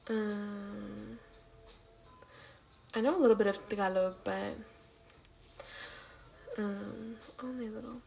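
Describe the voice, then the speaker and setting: A woman chatting casually on a late-night livestream from home, with a gravelly, fry-laden voice at an ordinary pitch. She rambles, fills gaps with "um" and "like", and answers her chat, slipping at times into soft half-whispered asides. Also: fairly even intonation, slow, long pauses, soft background music, low-quality recording. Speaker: livestream host.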